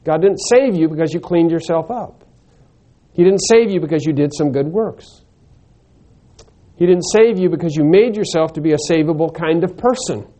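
A man preaching an expository sermon, teaching slowly and emphatically and answering his own rhetorical questions. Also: high voice, mellow.

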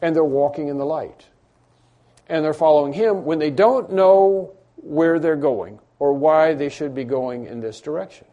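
A pastor preaches to his congregation in a church room, speaking emphatically, repeating key phrases and acting out imagined dialogue. His voice is a little high and warm, at a moderate pace, and the sound is lo-fi.

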